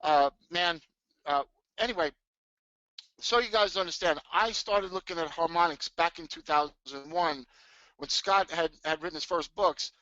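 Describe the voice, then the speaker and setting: A middle-aged man with a high, bright voice hosts a live webinar, hyped and tumbling over his own restarts. The sound is dry and close, caught on a dull, lo-fi webcam mic. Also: moderate pace, dry recording. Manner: excitable, hyped, many restarts. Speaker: trading webinar host.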